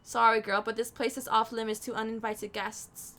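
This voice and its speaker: A stern palace guard warns off an intruder in a lowered, gruff voice, as a woman puts him on. The tone is firm and commanding, pitched down from her usual high register. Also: level tone, moderate pace, bright, forceful tone.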